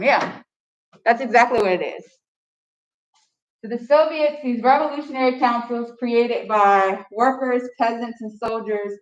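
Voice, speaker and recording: A young woman teacher giving a chatty history lecture to her class, joking with students. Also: a little high. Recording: echoey classroom, distant mic.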